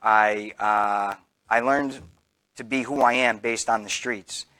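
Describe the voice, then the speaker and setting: A man from New Jersey giving an earnest campaign speech to a local gathering, halting often with fillers and restarts. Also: lowish voice, fairly even intonation, sharp tone, no echo. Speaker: political candidate.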